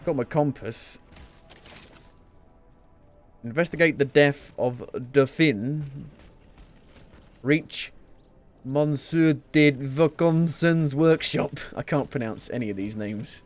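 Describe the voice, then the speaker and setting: A man's voice: medium pitch, slow pace, pauses often, faint music behind. A man giving casual, jokey live commentary while playing a video game, often muttering to himself. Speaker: gameplay streamer.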